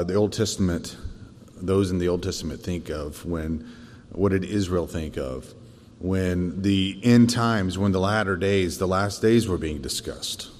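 A man teaching a church Bible lesson in a thoughtful way, often pausing on fillers and restarting. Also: deep voice, a little mellow, long reverb tail. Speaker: Sunday school teacher.

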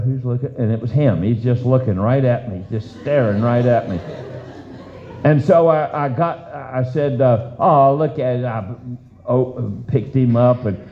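A man preaching a sermon, telling a story with an animated delivery and a voice that swoops up high for emphasis. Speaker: pastor. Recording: dull lo-fi sermon recording.

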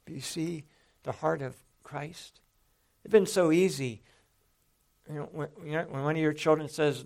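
A man preaching with a gravelly, creaky edge to his voice. He talks earnestly and conversationally, often stopping to restart a phrase before pressing his point. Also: on the high side, normal speed, darkish tone. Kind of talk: sermon.

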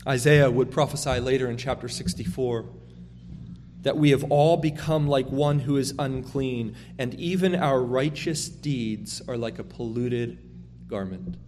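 A man's voice: medium pitch, a little slow, darkish tone, in a large hall, a little hiss or hum. A man preaching a sermon as a pastor, earnest and emphatic, often restarting his phrases as he drives a point home.

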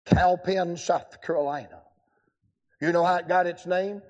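An older man preaching at a revival. His voice runs high, and he tells stories in a folksy, joking way. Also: steady tone, measured pace, darkish tone, muffled recording. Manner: folksy storytelling with humor. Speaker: evangelist preacher. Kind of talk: revival sermon.

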